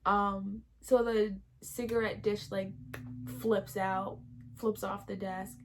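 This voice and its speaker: A young woman vlogging a casual movie review, retelling scenes in a chatty, animated way with lots of fillers. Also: mid-range voice, slow, noisy background.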